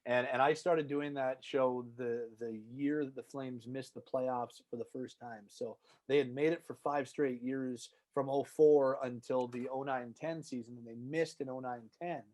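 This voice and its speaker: A man from Canada working as a hockey reporter, telling stories in a casual, animated podcast chat. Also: mid-range voice, moderate pace, hardly any pauses. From Calgary, Canada. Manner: animated, excitable storyteller with many restarts. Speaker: hockey reporter and radio host.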